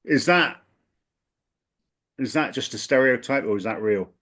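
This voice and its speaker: Man from southern England, host, curious and probing with quick questions. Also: medium pitch, fairly bright tone. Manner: curious, asks short follow-up questions. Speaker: language coach host. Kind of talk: casual interview.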